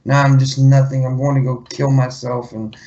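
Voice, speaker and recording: A man, a podcast regular, talking in a grumbling deadpan that breaks into shouted threats. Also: medium pitch, moderate pace, slight background noise. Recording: dull lo-fi call with crowd behind.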